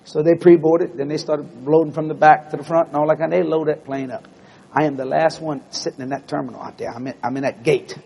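Gravelly high-voiced preacher. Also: male voice, fast, in a large hall, a little hiss or hum. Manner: animated, bursts into exclamations. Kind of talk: storytelling sermon. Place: church building.

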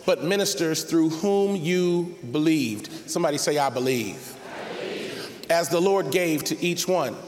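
A man preaching a sermon as pastor, reading scripture and building up to shouted, emphatic calls to his congregation. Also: fairly high pitch, unhurried. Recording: reverberant hall with faint noise.

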